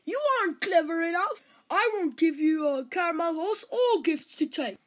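A woman's voice: very high voice, expressive, moderate pace, a bit bright. A woman voicing a stern old cake count, a dismissive father, in a storybook reading, sounding scornful.

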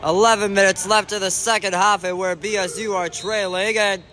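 A man giving excited sideline commentary on an amateur indoor soccer game, shouting and groaning at the plays and calling out to the referee. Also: high-pitched, moderate pace, a little hiss or hum.

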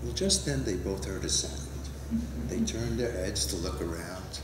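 A man in his sixties reading his rhyming picture book aloud with a lively, rhythmic delivery at a conference. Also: low-pitched, a little slow, noisy background. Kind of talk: animated storybook read-aloud in rhyme. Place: conference hall. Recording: roomy hall, mic at a distance.

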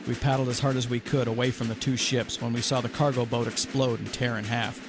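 A man podcast host narrating a first-person adventure story in a steady way, with music playing underneath. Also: medium pitch, fairly quick.

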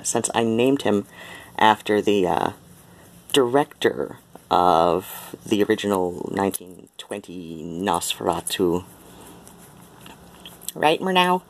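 A man at home filming his cats, talking to them in a soft sing-song baby talk. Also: low-pitched. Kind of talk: casual cooing talk to pets. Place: home indoors. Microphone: handheld camera.

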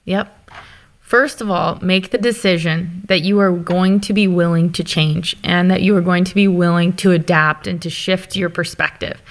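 A woman speaking as a guest founder, telling candid business stories in an animated, open way. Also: lowish voice. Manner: animated, open, quick to laugh. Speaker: guest, company founder and author. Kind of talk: candid conversational storytelling.

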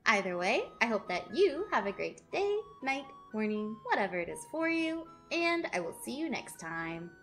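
A woman's voice: on the high side, very animated, moderate pace, hardly any pauses, a bit bright, soft background music. A woman hosting an anime reaction video, talking casually, gushing and laughing often as she reacts. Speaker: anime reaction channel host.

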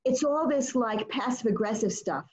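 A woman leading an informal study session, retelling stories in an expressive, animated way. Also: fairly high pitch, normal speed. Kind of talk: informal teaching talk. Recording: muffled lo-fi audio.

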